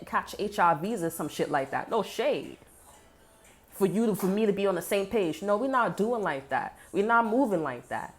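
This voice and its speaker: A woman's voice: mid-range voice, lively intonation, moderate pace, faint music behind. A woman giving a casual spoken tarot reading, blunt, heated and full of swearing. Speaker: tarot reader.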